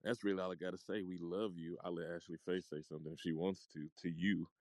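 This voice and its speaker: Deep-voiced man, affirming and informal. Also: level tone, quick pace, darkish tone, dry recording. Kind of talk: casual encouraging chat.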